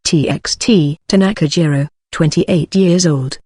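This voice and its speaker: An audiobook narrator reading a translated fantasy novel aloud in an even, uninflected delivery that also reads stray text aloud. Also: medium pitch, unhurried, husky, no echo, clean studio sound.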